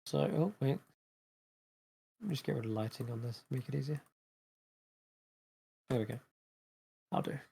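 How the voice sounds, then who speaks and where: A man's voice: mid-range voice, expressive, moderate pace, gravelly, long pauses, dark tone, slight background noise. A man narrating a tabletop game as game master in a casual, rambling way.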